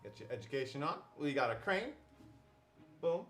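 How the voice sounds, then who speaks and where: A man hosting a live board game unboxing, showing off the pieces with a playful, jokey home-shopping sales pitch. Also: sing-song, moderate pace, roomy sound, faint music behind. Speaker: host.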